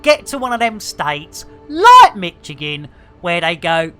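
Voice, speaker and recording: A middle-aged English streamer talks casually to his viewers, swearing and going off on rants. His voice is bright and forward, his pitch swings widely, and faint music plays behind him. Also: unhurried, clear, resonant tone. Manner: animated, swearing, ranting. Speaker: game streamer.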